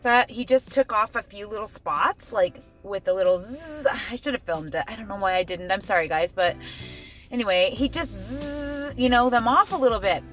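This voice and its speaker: A woman's voice: mid-range voice, expressive, moderate pace, soft background music. A middle-aged woman talking casually to camera in a family vlog, chatty and emotional, full of "like". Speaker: family vlogger. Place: in her car, then at home.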